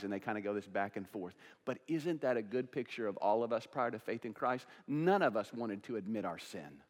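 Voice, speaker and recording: A man's voice: lowish voice, fairly quick, few pauses. A male pastor preaching a sermon, asking rhetorical questions and acting out both sides of dialogues. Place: church sanctuary. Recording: church sanctuary with long reverb.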